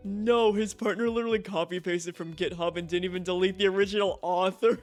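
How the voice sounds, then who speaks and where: A young man streaming a game, telling a story in a profane, animated rant full of "right?" asides. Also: sits high, a little fast, hardly any pauses, faint music behind.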